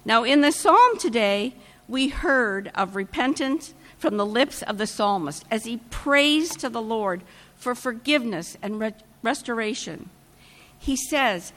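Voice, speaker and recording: A woman preaching a sermon, retelling scripture in a measured storytelling manner with dramatic pauses. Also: a little high, expressive, a bit bright. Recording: long church reverb.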